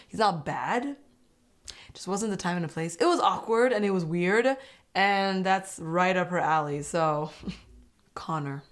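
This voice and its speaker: A young woman recapping a reality dating show in a casual, animated and opinionated way, laughing often. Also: lowish voice. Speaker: host.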